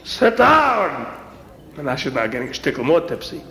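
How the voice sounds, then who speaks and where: A man's voice: medium pitch, very fast, a little hiss or hum. A man telling a comic story with lots of energy and character voices. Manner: animated, energetic. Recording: roomy echo.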